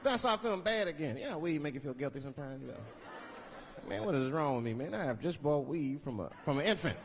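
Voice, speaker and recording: A man with a fairly high voice doing a stand-up set, telling a profane story and acting out little asides. The live club recording carries loud crowd noise and laughter right behind him. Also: animated, fast, long reverb tail. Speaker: stand-up comedian. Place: comedy club stage. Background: audience laughter and chatter.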